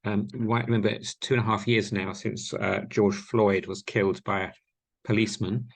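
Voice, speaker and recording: A man reciting his own poem over a video call, slow, intense and emphatic. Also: on the low side, flat delivery, gravelly. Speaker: poet reading his work. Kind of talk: spoken poetry reading.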